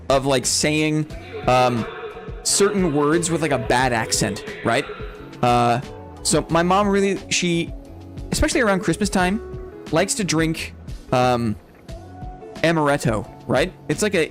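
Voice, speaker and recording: A young man chatting casually and rambling to his viewers while he plays a game. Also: on the high side. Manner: chatty, rambling, addresses chat as brother. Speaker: streamer. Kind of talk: casual gameplay chat to viewers.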